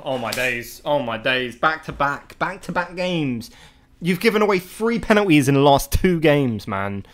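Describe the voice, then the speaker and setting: A man giving live gameplay commentary to his chat, often exasperated and swearing in loud outbursts. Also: medium pitch. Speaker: gaming video creator.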